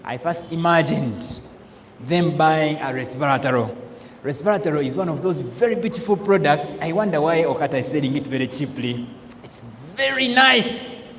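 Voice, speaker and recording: A man giving a lively sales training talk, acting out laughs and quoted voices. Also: a little high, normal speed, a little hiss or hum. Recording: echoey hall with faint ambience.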